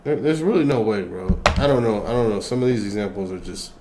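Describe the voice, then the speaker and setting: A man's voice: lowish voice, fast, noisy background. A man co-hosting a reaction video, talking loosely in casual chat, slangy and profane and full of fillers. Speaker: co-host.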